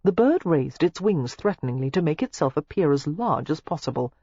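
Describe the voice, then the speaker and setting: An audiobook narrator reading a novel aloud in an expressive, scripted style. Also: brisk, slightly rough, no room sound. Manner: expressive, shifting pitch through the narration. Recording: dull lo-fi dry recording.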